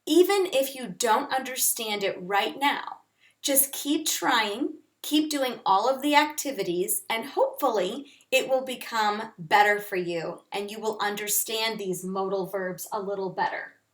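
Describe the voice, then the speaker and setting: A woman teacher slowly and clearly explaining English grammar to learners. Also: fairly high pitch. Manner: slow, clear, deliberate teaching delivery. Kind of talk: instructional lesson. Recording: echoey room, voice off-mic.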